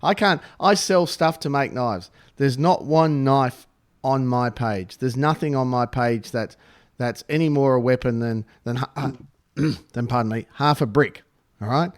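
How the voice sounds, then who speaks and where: A man's voice: mid-range voice, unhurried. Blunt, wry man. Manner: blunt, wry, laughs while talking. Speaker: knifemaking supplier, podcast guest. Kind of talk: casual podcast chat.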